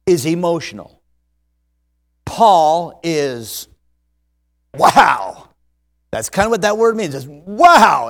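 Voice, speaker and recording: A man preaching a sermon, emphatic and energetic, dropping his voice low when he prays. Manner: energetic, emphatic, hushed in prayer. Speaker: pastor. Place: church auditorium. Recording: long hall reverb.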